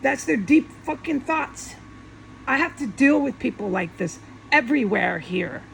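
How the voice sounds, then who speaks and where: A woman's voice: high voice, expressive, measured pace, gravelly, a little hiss or hum, low-quality recording. A woman talking alone in an angry, profane, repetitive monologue, speaking to viewers from her home. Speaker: vlogger.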